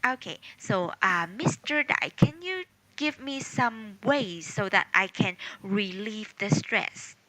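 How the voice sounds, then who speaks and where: A woman runs an online English lesson over a video call. She speaks slowly in a bright, clear voice, patiently guiding students and gently fixing their grammar. The sound is dry and close. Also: mid-range voice, animated, no echo, low-quality recording. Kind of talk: online class moderation.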